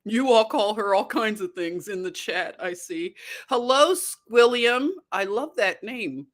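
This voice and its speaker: A woman hosting a casual livestream, chatty and excitable, greeting viewers and reacting to their comments. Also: medium pitch, measured pace. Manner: chatty and excitable, often laughing. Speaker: livestream host.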